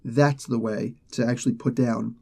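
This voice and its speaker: A man casually retelling a comic story in a loose, rambling way, slipping into quick acted lines for the characters. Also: medium pitch, steady tone, creaky, darkish tone, husky. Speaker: comic book reviewer.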